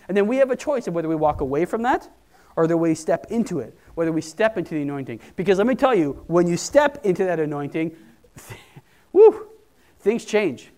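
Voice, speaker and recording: Guy preaching, high voice, chatty and punchy, acts out little quotes. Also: lively intonation, brisk, darkish tone. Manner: conversational, emphatic, quoting people in put-on voices. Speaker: pastor. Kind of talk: sermon.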